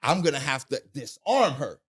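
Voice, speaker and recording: A man's voice: mid-range voice, moderate pace, slightly rough. A man telling his story as a guest in a casual interview, with profanity and voices he imitates. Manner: animated, profane storytelling with mimicked voices and shouting.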